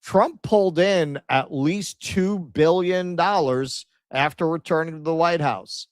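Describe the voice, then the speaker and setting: A man's voice: a little high, unhurried, dry recording, studio quality. Wry New man in casual talk. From New York. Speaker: co-host. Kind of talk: casual livestream chat.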